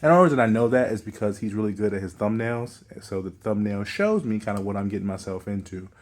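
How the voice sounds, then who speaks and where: A man's voice: on the low side, fast, darkish tone. Slightly winded man giving a casual update. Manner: rambling, many fillers and restarts. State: slightly out of breath. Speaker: vlogger. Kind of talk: casual fitness update vlog.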